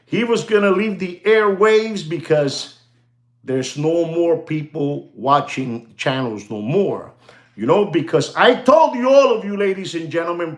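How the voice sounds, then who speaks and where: Man, content creator, slightly high-pitched, repetitive rambling rant aimed at his viewers. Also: echoey room. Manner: rambling, repetitive, keeps saying "you know" and "ladies and gentlemen". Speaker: watch channel content creator.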